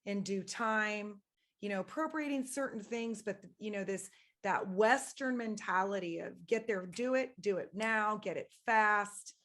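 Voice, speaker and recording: A woman's voice: medium pitch, unhurried, a bit bright. Reflective woman rambling as a podcast guest. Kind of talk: casual spiritual conversation.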